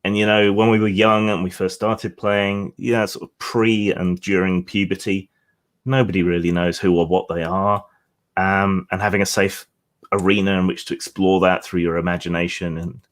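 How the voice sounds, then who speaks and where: A man's voice: sits low, little pitch movement, moderate pace. A man co-hosting a casual discussion over a video call, earnest and chuckling between his points. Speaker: co-host.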